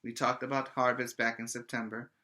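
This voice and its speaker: A male preschool teacher giving a virtual lesson to small children, speaking in a slow, sing-song, coaxing way, asking questions and repeating words for them. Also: medium pitch, level tone, pushed and bright.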